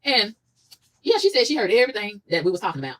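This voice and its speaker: A woman vlogger telling a story in a casual rant, animated, profane and indignant, with a husky voice. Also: medium pitch, fast, poor audio.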